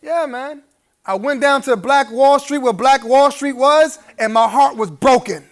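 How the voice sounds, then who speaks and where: Keynote speaker at a gala: a man with a strikingly high voice, preacherly delivery with humorous chuckling asides. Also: measured pace. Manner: emphatic rising appeals to the audience. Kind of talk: live keynote speech at a gala dinner.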